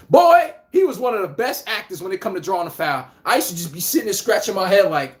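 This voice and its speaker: Animated trash-talking man, lively pitch. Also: moderate pace. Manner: addresses chat viewers by name. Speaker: podcast host. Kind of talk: casual live sports talk.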